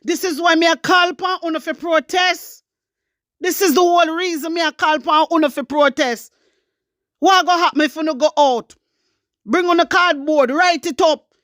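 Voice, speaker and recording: A woman's voice: extremely high pitch, normal speed, fairly bright tone, dry recording, clean studio sound. Fiery Jamaican woman ranting. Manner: fiery, urgent, repetitive, scolding. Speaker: online commentator. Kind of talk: impassioned rant to viewers.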